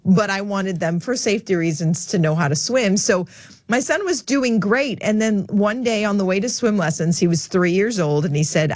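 A woman in a casual chat, telling a story in an expressive, lively way. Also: a little high, no echo.

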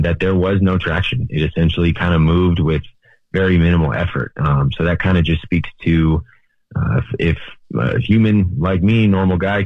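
Deep-voiced officer on a phone line. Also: male voice, no echo. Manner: hesitant, many fillers. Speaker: highway patrol officer. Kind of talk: radio interview guest.

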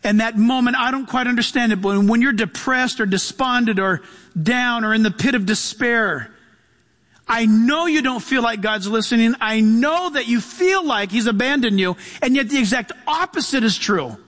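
A male pastor preaching a sermon, animated, acting out voices and dropping to a hush for emphasis. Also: very high voice, normal speed, long reverb tail.

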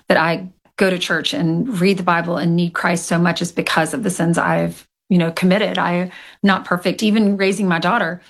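A woman guest in an interview, telling personal stories in a candid, self-deprecating way. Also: lowish voice. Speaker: guest author. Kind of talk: conversational interview.

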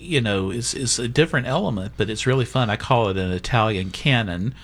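A man's voice: medium pitch, animated, a bit bright. A man hosting a casual chat show, joking around and talking with many fillers and restarts. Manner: chatty, jokey, halting with fillers. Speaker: host.

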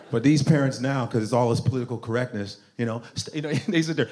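A man's voice: on the high side, lively intonation, a little fast, darkish tone, slight background noise. A man doing a stand-up set at a comedy club, working the crowd with brash, profane banter. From Africa. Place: comedy club stage, live audience. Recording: live club recording with crowd.

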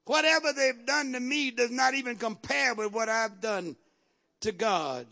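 A man preaching a sermon with emphatic repetition and sudden shouted lines. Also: very high-pitched, measured pace, gravelly. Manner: emphatic, repeats phrases, bursts into shouts.

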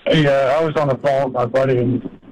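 A man's voice: mid-range voice, steady tone, fairly quick, darkish tone, rough recording. Casual male radio caller. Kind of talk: phone-in call.

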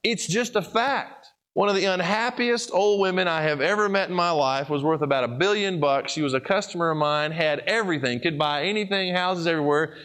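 A man preaching a sermon and telling stories, rising to loud emphatic peaks and then dropping to hushed, low passages. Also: fairly quick, few pauses.

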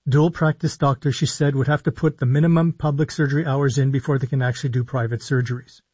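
Husky-voiced radio host. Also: male voice, medium pitch, fairly even intonation, darkish tone, no room sound, lo-fi sound. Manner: measured, explanatory, slow emphasis on key words. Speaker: radio show host, physician. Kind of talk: live call-in radio talk. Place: radio studio.

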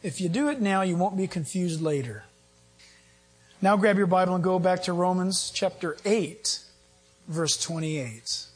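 A man pastor preaching a sermon to a live congregation in a conversational style, jumping into sudden high emphatic bursts. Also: unhurried, breathy edge, faint music behind. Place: church with live audience.

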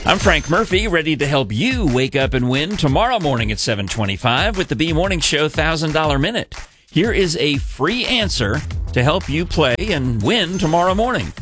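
A man hosts a morning radio show and reads a promo in an upbeat, jokey announcer manner. His pitch rises and falls a lot and sits a bit high for a man. Faint music plays behind him. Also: very animated, moderate pace, a bit bright.

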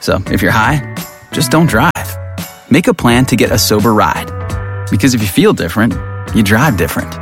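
A man reading a public service announcement in a calm, measured voice-over. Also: fairly low pitch. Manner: calm, measured, plain delivery. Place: studio. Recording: studio voice-over with music underneath. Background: music bed.

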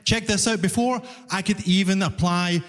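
A man with a Glasgow Scottish accent doing an animated stand-up comedy set on stage, with the audience laughing along. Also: high-pitched, normal speed. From Scotland. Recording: live stage in a reverberant hall.

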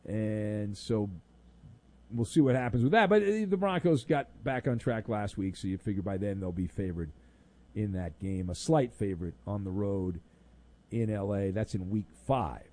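A man's voice: fairly low pitch, moderate pace, dark tone. A man hosting a sports talk radio show, sarcastic and mock-exasperated with callers.

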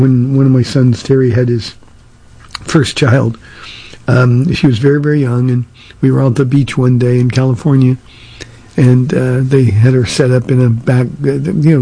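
An older American man preaches on his radio program, his voice dark and a little raspy. He talks earnestly, doubling back on his words and filling pauses as he answers a listener's question. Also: mid-range voice. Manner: earnest, halting, many restarts and fillers. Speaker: pastor, radio host.

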